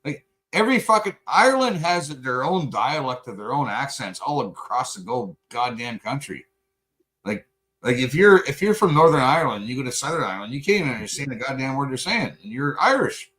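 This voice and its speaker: Swearing, animated man ranting casually. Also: mid-range voice, fairly quick, rough recording. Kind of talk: casual late-night chat.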